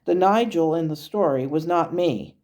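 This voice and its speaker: Woman relaying a patient male spirit guide, low and mellow, measured. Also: expressive. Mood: calm.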